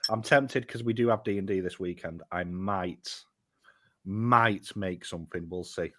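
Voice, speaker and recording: A man's voice: sits low, a little slow, pushed and bright. Wry man. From United Kingdom. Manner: wry, joking, rambling. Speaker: guest. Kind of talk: casual chat.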